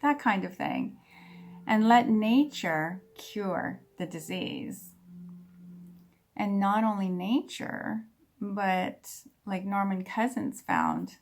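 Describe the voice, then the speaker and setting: A woman speaking at a spiritual service, earnest and unhurried, leading the congregation in a laughter meditation. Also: medium pitch, lively intonation. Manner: slow and earnest, bursting into loud whoops and laughter. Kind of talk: sermon with guided laughter meditation. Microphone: online service recording.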